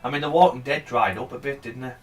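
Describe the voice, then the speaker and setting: A chatty man, his voice pitched right in the middle of the range for a man, talks loosely through a live trading stream. He rambles from point to point, drops the odd swear word, and cheers the chart along, with faint music playing underneath. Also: quick pace. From England. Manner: chatty, rambling, urging the price on, swears casually. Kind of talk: casual live-stream commentary.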